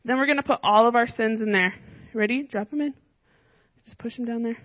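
Woman, children's ministry teacher, high bright voice, chatty and animated, close dry lo-fi recording. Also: a little fast, no room sound. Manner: animated, asks children questions often. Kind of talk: children's Bible lesson.

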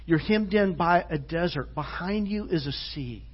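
A male pastor delivers an earnest sermon in a fairly high, husky voice. His delivery swings from quiet intensity to loud emphasis. The recording is dull and lo-fi, captured in a church. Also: lively intonation, a little slow. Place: church sanctuary.

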